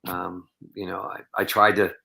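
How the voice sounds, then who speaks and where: Brief: male podcast guest, deep bright-edged voice, rambling earnest storyteller. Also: level tone, normal speed, gravelly. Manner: rambling anecdotal, heavy with "you know" and "um". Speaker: podcast guest, professional bowler.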